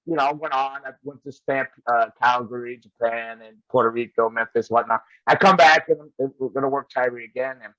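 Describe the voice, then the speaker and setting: A man's voice: medium pitch, fairly quick, hardly any pauses, bright, forceful tone, no echo. A man, a wrestling guest, telling old road stories in casual chat and laughing often as he goes. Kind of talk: casual storytelling. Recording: dull, lo-fi sound.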